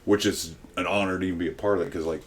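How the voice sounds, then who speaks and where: A man, a tattoo artist, telling stories in casual chat, animated and quick to laugh, with lots of fillers. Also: low voice, slight background noise.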